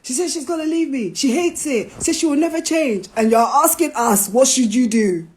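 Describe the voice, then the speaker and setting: A woman hosting a live stream, talking casually, animated and preachy, with playful jabs. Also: high-pitched, normal speed. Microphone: phone.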